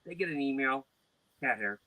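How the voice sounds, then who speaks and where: A man hosting a casual podcast chat, loud and animated, telling stories with silly voices. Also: medium pitch, moderate pace, dry recording. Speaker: podcast host.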